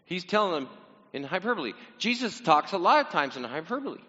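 A man's voice: high-pitched, big pitch swings, fast, bright, forceful tone. A man preaching a sermon in a casual, teasing way, talking straight to his congregation. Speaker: pastor. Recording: dull sound in a reverberant hall.

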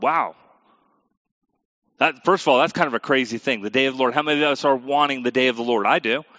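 A pastor preaching a sermon, reading scripture aloud and asking the congregation questions, moving between quiet and emphatic delivery. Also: male voice, medium pitch, quick pace, long pauses, dry recording, dull audio. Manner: asks the audience questions directly.

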